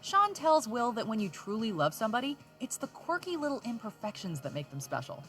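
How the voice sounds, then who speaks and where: A woman reading scripted narration for a countdown list, upbeat and expressive. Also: fairly high pitch, a little fast, soft background music.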